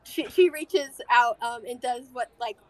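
A woman narrating as game master of a tabletop game, halting often with fillers and restarts. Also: a little high, crowd noise.

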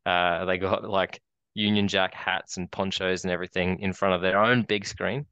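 Aussie podcast co-host, low monotone, smooth dry voice, rambling anecdote style. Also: male voice, moderate pace, no room sound, lo-fi sound. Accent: Australian. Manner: rambling storyteller, many restarts and fillers. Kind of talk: casual chat.

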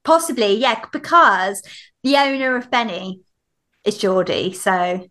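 A British woman co-hosting a podcast in casual chat, giggly and playful, thinking her ideas through out loud. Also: medium pitch, unhurried. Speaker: podcast co-host.

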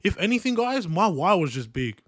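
Very animated and high-pitched, the young Australian speaks at normal speed with a slightly bright tone, recorded clean in the studio with no echo. Hosting his podcast, he rambles through a personal, motivational story in an earnest, repetitive manner, frequently asking "right?" and addressing "guys."

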